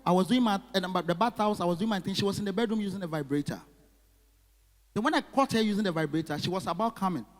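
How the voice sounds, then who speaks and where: Man, stand-up comic, animated crowd work, high voice, long hall echo. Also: fast. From Ghana. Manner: animated, chatting with the audience. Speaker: stand-up comedian. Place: live comedy venue.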